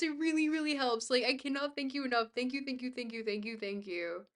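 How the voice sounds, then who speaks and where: A woman's voice: a little high, fairly quick, fairly bright tone. A woman streaming live, reading out chat messages and thanking viewers in a bubbly, rambling way. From Scotland. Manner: bubbly, thanks chat often, trailing filler words.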